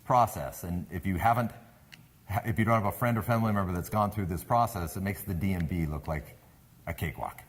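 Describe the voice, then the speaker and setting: A man's voice: sits low, brisk. A man with a Canadian accent, speaking to a live audience as a sales speaker, telling a story and asking the crowd questions. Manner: animated, engages the audience with questions.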